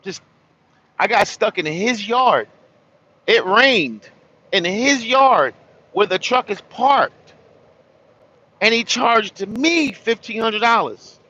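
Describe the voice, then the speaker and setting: A man's voice: sits high, lively intonation, slow, long pauses, pushed and bright. Tired man rambling, muffled phone audio. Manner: tired, rambling, repeats words. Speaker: truck driver. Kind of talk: casual storytelling vlog.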